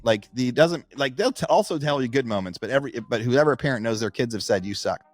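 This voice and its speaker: Over faint background music, a middle-aged man speaks quickly and expressively at a medium pitch. As a podcast co-host in casual conversation, he spins anecdotes and acts out what others said.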